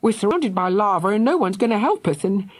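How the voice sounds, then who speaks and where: A woman's voice: mid-range voice, lively intonation, brisk, pitched above the performer's own voice, natural voice. A woman voicing a brave, bossy young girl who urges her little brother on, in an audiobook. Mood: urgent. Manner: urgent, breathless bossiness. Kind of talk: audiobook character voice.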